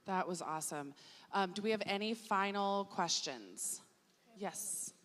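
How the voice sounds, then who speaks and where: A woman's voice: medium pitch, lively intonation, a little slow. Motherly woman moderating in a big hall. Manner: warm, motherly, reassuring. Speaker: staff moderator. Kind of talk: orientation panel hosting. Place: performing arts hall. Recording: long hall reverb, faint ambience.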